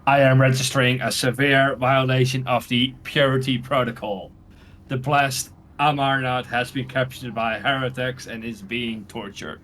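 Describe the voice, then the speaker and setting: Casting: a man voicing a stiff male machine-priest from a sci-fi game, formal and clipped, mid-pitched and plain. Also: fairly even intonation, normal speed, a bit bright, lightly acted.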